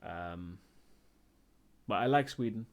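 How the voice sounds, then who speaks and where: A man's voice: lowish voice, takes it slowly. Hesitant, rambling male streamer. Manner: rambling and hesitant, with many ums and restarts. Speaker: live streamer. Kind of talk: casual chat answering viewer questions.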